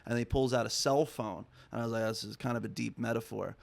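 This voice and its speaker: A man guesting on a podcast tells a long, rambling story casually, swearing a lot and leaning heavily on fillers and "I'm like." He talks fast in a gravelly, mid-range voice with fairly even intonation.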